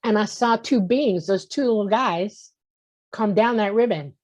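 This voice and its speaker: A woman in her sixties, unhurried and darkish in tone with a medium pitch, guests on a talk show to tell a personal story. She plays out the voices of the people involved and keeps checking with "okay?". The recording sounds muffled and lo-fi.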